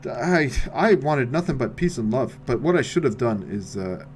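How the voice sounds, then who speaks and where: A man commentating his own game play with wry remarks, dropping to mutters and then shouting. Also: mid-range voice, very animated, moderate pace, a little hiss or hum. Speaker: streamer.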